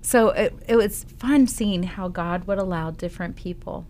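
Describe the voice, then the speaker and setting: Woman radio host, slightly low voice, chatty storyteller with ums. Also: normal speed, a little mellow. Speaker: Christian radio show host. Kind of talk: casual faith talk on radio. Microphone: studio microphone.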